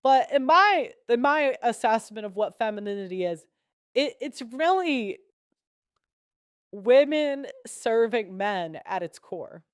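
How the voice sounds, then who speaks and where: A woman's voice: on the high side, animated, takes it slowly, clean tone, dry recording, clean studio sound. A young woman giving blunt, sarcastic commentary as a podcast host, laughing between points. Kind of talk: casual opinionated commentary.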